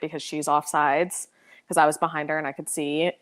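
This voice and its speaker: A young American woman in casual interview chat, talking fast with many "like" fillers and frequent laughs. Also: low-pitched, flat delivery, a bit bright. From United States. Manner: chatty, lots of "like" fillers, laughs often. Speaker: podcast guest, pro soccer player.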